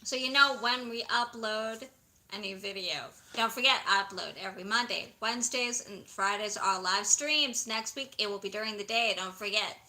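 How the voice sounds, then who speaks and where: Giggly bright-voiced woman co-hosting. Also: medium pitch, normal speed. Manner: giggly and chatty. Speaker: co-host of a live stream. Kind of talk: casual chat.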